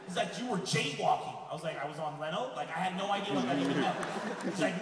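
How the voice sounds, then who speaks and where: A Lebanese-born stand-up comedian performs an animated set on a comedy club stage, telling stories and acting out other people's voices at a quick pace in a slightly high voice. The audience laughs loudly, picked up by a distant, echoey room mic.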